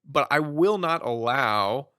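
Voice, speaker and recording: A man in his thirties speaking as a podcast guest and author, telling stories in an earnest, animated way. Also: mid-range voice, slow, clear, resonant tone, no echo, clean studio sound. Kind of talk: conversational storytelling.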